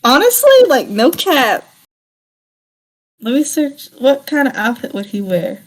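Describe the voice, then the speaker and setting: A woman's voice: high-pitched, sing-song, a little slow, poor audio. A woman player in a tabletop game who talks loosely, laughs often and swears casually. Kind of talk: casual chat.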